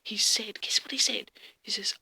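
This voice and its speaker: A woman's voice: medium pitch, fairly even intonation, moderate pace, vocal fry, sharp tone, breathy edge. A woman telling a dream story in a dramatic, casual way, often dropping to a whisper and swearing freely.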